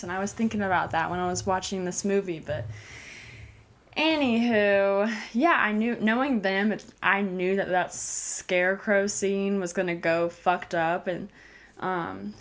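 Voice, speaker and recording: A young woman giving a casual, chatty film review on camera, giggling often and filling her talk with "like". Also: mid-range voice. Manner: giggly, lots of "like" fillers. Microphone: camcorder.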